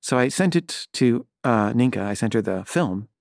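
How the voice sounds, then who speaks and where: A man's voice: mid-range voice, lively intonation, normal speed, vocal fry, no room sound. Man, middle-aged, rambling personal story, hesitant restarts, wry, dry close sound. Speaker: filmmaker telling a personal story.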